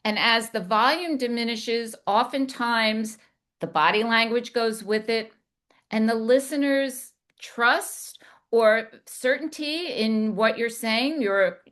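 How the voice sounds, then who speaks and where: Slow, deliberate woman coaching speech. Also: on the high side, fairly bright tone. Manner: deliberate, demonstrates vocal inflection. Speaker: communication coach. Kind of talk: instructional coaching talk.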